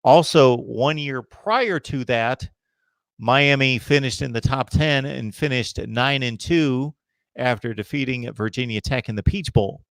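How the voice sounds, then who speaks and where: A man's voice: mid-range voice, a little slow, no room sound. A man hosting a live college football chat, reading viewer comments and giving emphatic opinions. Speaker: host of a college football livestream.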